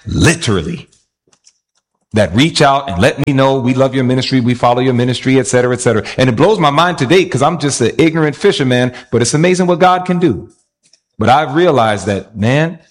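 A man preaching a sermon, asking his listeners rhetorical questions. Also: medium pitch.

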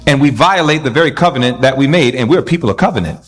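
Lively, animated male preacher. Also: on the high side, racing, hardly any pauses. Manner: animated preaching with rhetorical questions. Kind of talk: sermon.

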